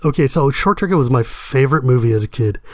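A young man from the United States chatting casually with friends. He talks in an animated way, laughs a lot and jumps high in pitch when worked up. His mid-range voice sits close and dry on the mic. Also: fast talker, dry recording. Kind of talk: casual chat.

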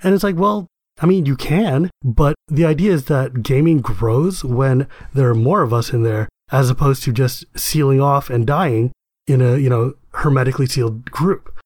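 Young American man, casual talker, animated and quick to laugh, mid-pitched and dry. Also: dry recording. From United States. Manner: animated, laughs often, jumps high in pitch when excited. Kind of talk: casual chat.

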